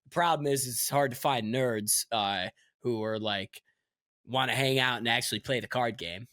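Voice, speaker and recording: A man's voice: medium pitch, normal speed, bright, forceful tone, dry recording, studio quality. A young man co-hosting a casual podcast, laughing easily and swearing freely. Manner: loose, laughing, swears a lot. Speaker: podcast co-host. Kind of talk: casual chat.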